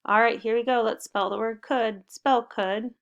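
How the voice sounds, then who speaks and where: A woman's voice: on the high side, steady tone, moderate pace, vocal fry, dull audio. A woman teaching a spelling lesson to young children, giving upbeat and encouraging step-by-step instructions. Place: home recording.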